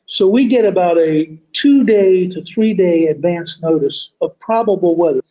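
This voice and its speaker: A man's voice: high-pitched, lively intonation, a little slow, warm tone. Emphatic male history storyteller, dull audio. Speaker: podcast host.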